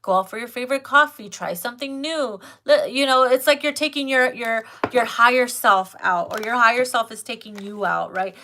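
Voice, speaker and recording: A woman's voice: fairly high pitch, normal speed, hardly any pauses, pushed and bright, a little hiss or hum. A woman giving a casual tarot card reading who talks straight to her viewers, blunt and full of swearing. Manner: profane, blunt and emphatic. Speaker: tarot reader.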